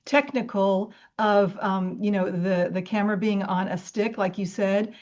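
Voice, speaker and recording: A woman's voice: medium pitch, fairly even intonation, a little slow, darkish tone. A woman hosting an interview show, who greets and praises her guest effusively. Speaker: host. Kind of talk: interview host chat. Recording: dull lo-fi audio.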